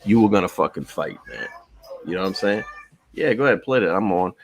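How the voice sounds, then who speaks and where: Deep-voiced New man spinning yarns. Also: expressive, a little fast. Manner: profane, rambling, says bro a lot. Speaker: guest. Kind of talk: casual storytelling chat.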